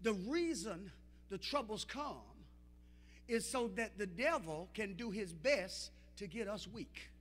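A pastor, a young adult man, preaches in a very high, bright, ringing voice. He calls out to the congregation and climbs from low, talky passages into shouted, half-sung cadences. The sound carries the long reverb of a church sanctuary. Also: animated, takes it slowly. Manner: call-and-response preaching, rising to shouts and sung phrases. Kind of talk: preached sermon.

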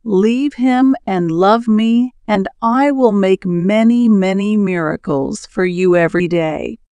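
A woman voicing a scheming rich man in a storybook reading, speaking slowly and persuasively. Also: medium pitch, dark tone, no echo. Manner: persuasive, smooth-talking. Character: scheming rich man tempting a neighbor's wife.

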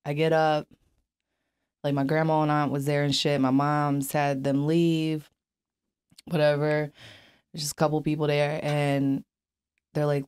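A woman's voice: low voice, steady tone, moderate pace, long pauses, darkish tone, clear, resonant tone. Blunt, profane young woman telling her story. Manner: blunt, profane, many fillers. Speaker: interview guest. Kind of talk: candid personal storytelling.

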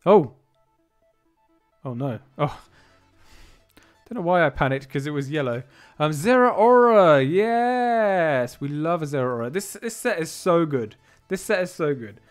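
A man chatting casually on a live stream as he opens card packs, excitable and quick to laugh, sometimes trailing off into quiet asides. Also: fairly high pitch. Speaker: streamer opening trading card boxes.

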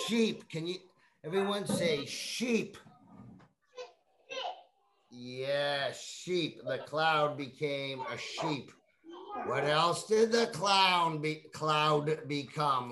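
A woman teaching young children, reading a picture book aloud in a slow, coaxing way and prompting them to repeat words. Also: lowish voice. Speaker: kindergarten teacher.

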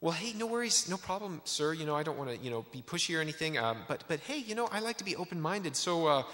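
A man's voice: on the high side, big pitch swings, fast, bright, forceful tone, pitched above the performer's own voice. A man voicing an eager, polite young man sharing his faith, friendly and hesitant, in an echoey hall.

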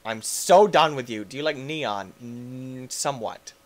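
A man giving goofy, excitable commentary over his gameplay, laughing and yelling at the game. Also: medium pitch, unhurried. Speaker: gaming YouTuber. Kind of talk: let's play commentary.

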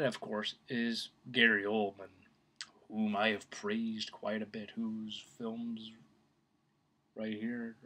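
A man's voice: lowish voice, a bit bright, breathy edge. A man talking casually to camera about his favorite actor, rambling with many fillers and restarts. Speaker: film vlogger. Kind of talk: casual opinion talk.

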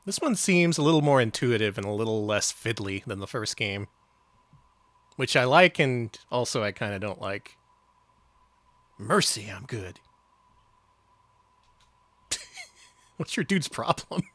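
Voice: mid-range voice, animated, measured pace, pauses often, fairly bright tone, no room sound. A game stream co-host cracking jokes and laughing while commenting on a retro adventure game. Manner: joking commentary with frequent laughs. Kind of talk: casual let's-play chat.

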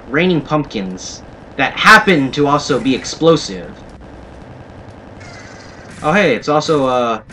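A man's voice: medium pitch, bright, forceful tone. A young man giving playful, sarcastic commentary while playing a shooter game. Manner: playful, sarcastic, jokey asides. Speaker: gaming commentator. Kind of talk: let's play commentary. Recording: faint game music behind.

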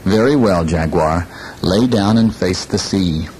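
Careful little crab, polite and jittery, kinda low voice, as the storyteller puts him on. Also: male voice, a little slow, darkish tone, a little hiss or hum, low-quality recording. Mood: cautious. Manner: polite, nervous and cautious. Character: small careful playful crab, male.

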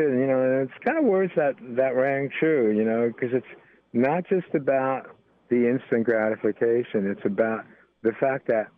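Older American guest, rambling easy talk, dry phone-like sound. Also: male voice, medium pitch, no room sound. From United States. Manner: rambling, full of "you know" fillers. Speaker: guest musician. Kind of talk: casual interview talk. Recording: tinny phone-line sound.

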